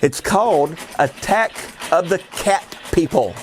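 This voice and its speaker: A man's voice: on the high side, animated, slow pace, background noise. A man hosting a horror movie show, greeting viewers theatrically, rambling and chuckling often. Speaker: horror host. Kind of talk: hammy horror-host introduction.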